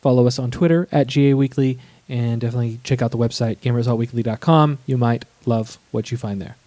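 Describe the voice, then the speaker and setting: Mellow-voiced male podcast co-host. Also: mid-range voice, fast, dry recording. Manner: enthusiastic, chatty opinions. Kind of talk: casual podcast chat.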